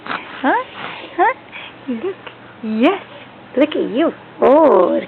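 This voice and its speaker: A woman's voice: high voice, sing-song, drawn-out words, gravelly, pauses often. A young woman filming a baby at home, cooing and talking baby talk in a playful sing-song. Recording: tinny lo-fi home video with noise.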